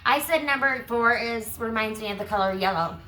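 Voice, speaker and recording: Bright-voiced woman giving a tarot reading. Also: on the high side, brisk, a little hiss or hum, low-quality recording. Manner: chatty asides between gentle readings. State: losing her voice, clearing throat. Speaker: tarot reader. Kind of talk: collective tarot reading, reading card texts aloud.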